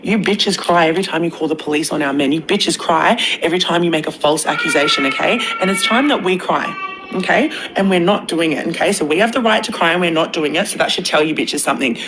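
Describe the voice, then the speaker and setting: A woman's voice: fairly low pitch, quick pace, fairly bright tone, a little hiss or hum, poor audio. A woman, half Australian and half American, delivering a furious, profane rant to camera with hammering repetition.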